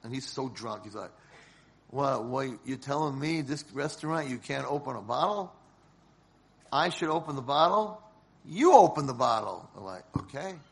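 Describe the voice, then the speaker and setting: A man giving a sermon as a rabbi, telling a story dramatically and swinging from hushed lines to shouted ones. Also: medium pitch, expressive, normal speed.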